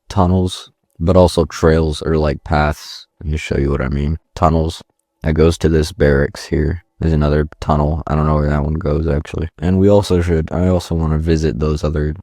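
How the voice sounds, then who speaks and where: A man's voice: very deep voice, no room sound, clean studio sound. A man casually commentating a survival game as he plays, rambling and thinking aloud, reading item descriptions aloud. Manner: reads item text aloud in a flat reading voice. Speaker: gameplay commentator. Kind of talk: casual let's-play commentary.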